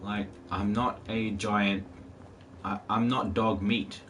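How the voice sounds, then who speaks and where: A man live-streams a game, chatting casually and rambling along as he talks to his viewers and to the game's dog. His lowish voice is steady and a bit bright, and he takes things slowly; the mic sounds distant, with faint background noise.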